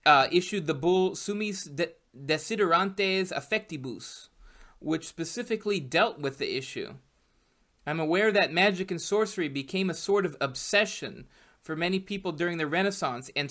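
A man in a slightly higher register asks careful, courteous questions. His manner stays measured and polite throughout. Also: a bit bright. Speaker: interviewer.

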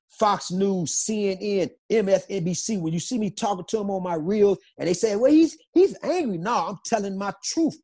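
Husky-voiced man, emphatic and insistent. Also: high-pitched, a little mellow. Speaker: interview guest. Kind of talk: emotional interview testimony.

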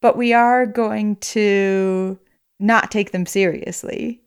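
A woman co-hosting a podcast in casual chat, explaining her points step by step in a measured way. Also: medium pitch, steady tone, smooth. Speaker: podcast co-host.

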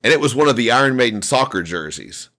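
A man's voice: mid-range voice, very animated, fast talker, pushed and bright. A man hosting a podcast, telling stories in a loose, rambling way full of restarts and fillers. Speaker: podcast host. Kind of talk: casual chat.

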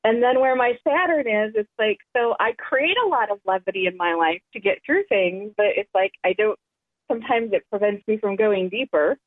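A woman's voice: medium pitch, lively intonation, moderate pace, no echo. Woman caller on a tinny phone line. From Michigan, USA. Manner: candid, laughs easily. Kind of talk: phone-in chat.

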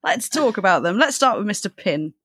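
Chatty podcast host, swears a bit, talks fast, dead dry sound. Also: medium pitch, very animated, a bit bright, breathy edge, dry recording. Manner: enthusiastic, chatty, swears casually. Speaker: book club podcast co-host. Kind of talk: casual chat.

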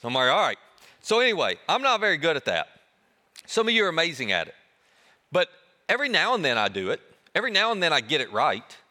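Animated preacher man in a big echoing hall. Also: on the high side, fast. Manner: animated preaching, dropping soft on key words. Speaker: pastor. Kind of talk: sermon.

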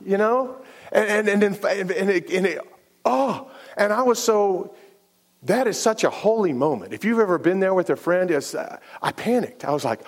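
Man, middle-aged, pastor, preaching, storytelling, restarts, lively delivery. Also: high voice, normal speed. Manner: animated and repetitive, many restarts, acts out dialogue. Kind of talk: sermon storytelling.

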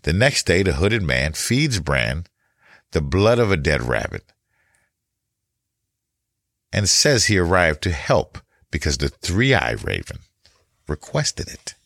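A man talking through a TV series recap and analysis in a thoughtful, casual way, pausing and restarting as he goes. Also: sits low, big pitch swings, fairly bright tone, no room sound. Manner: thoughtful, with frequent pauses and restarts.

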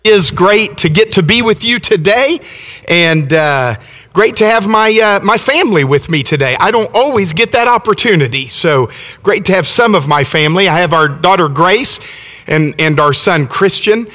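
A man's voice: high-pitched, lively intonation, normal speed, a bit bright. A middle-aged man from Alabama with a Southern accent, preaching and telling stories in a folksy, enthusiastic way, often restarting his words. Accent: Southern American. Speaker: visiting preacher. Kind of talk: sermon with storytelling. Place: church sanctuary. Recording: long church reverb.

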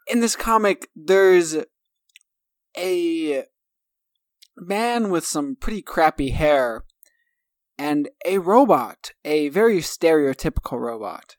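A woman's voice: sits low, animated, slow pace, long pauses, no room sound. A woman co-hosting a casual podcast chat, giggly and self-mocking, stumbling as she reads aloud. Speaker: podcast co-host.

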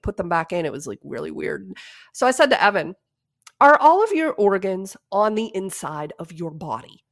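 A woman in her forties hosting a podcast, giving casual advice with lively stories and frequent laughs. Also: fairly low pitch. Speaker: podcast host.

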